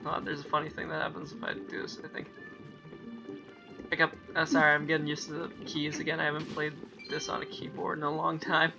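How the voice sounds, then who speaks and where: A man's voice: a little high, completely flat delivery, fairly quick, gravelly. A young man rambling casually over gameplay, often correcting himself mid-sentence. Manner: rambling, self-correcting, reads game dialogue aloud in playful voices. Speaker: let's-play gamer. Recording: dull lo-fi mic with faint game music.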